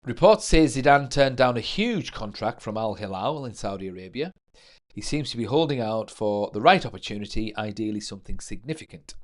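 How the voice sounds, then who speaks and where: A man's voice: lowish voice, expressive, brisk. Man, livestream host, casual football talk, reads notes and viewer comments aloud.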